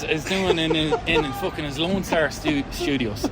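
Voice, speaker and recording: A tipsy middle-aged man with an Irish accent, chatting casually and joking. He swears freely and his voice sits a little high. He is recorded outdoors with loud street and vehicle noise. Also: moderate pace. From Ireland. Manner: jokey storyteller, swears freely. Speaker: interviewee, fan. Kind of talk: casual chat.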